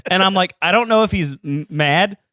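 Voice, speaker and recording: A man's voice: sits high, normal speed, bright, forceful tone, no echo, clean studio sound. A man hosting a casual comedy podcast, telling loose, profane stories and laughing often.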